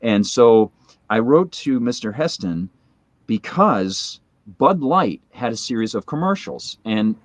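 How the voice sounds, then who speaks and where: Speaking slowly in a mid-range voice with big swings in pitch, a guest in his forties spins out a long anecdote full of fillers and asides during a relaxed chat. There is no echo on the recording.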